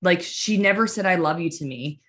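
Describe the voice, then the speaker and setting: A woman from the United States telling stories in an animated, chatty way, full of fillers, in casual conversation. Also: lowish voice, moderate pace. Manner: chatty, animated storytelling full of "like" and "you know".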